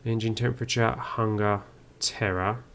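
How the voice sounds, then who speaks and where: A man's voice: lowish voice, steady tone, normal speed, a bit bright, a little hiss or hum. A man giving first-play game commentary, musing aloud and reading on-screen text as he goes. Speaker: game streamer.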